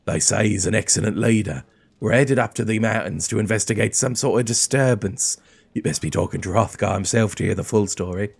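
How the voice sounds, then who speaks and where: A man voicing a burly, blunt female dwarf warrior in a low, gruff, deliberate tone.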